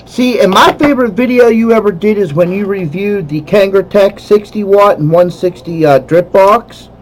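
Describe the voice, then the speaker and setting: A man's voice: sits high, normal speed, poor audio. A man hosting a podcast, chatting casually and agreeably with a guest, with some swearing. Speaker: podcast host.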